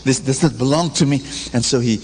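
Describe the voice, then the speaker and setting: A preacher giving a lively sermon, acting out stories and calling for audience responses. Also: male voice, a little fast, slightly rough. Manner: animated storytelling, acts out characters with big pitch swings. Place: large church. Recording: reverberant church hall, faint background noise.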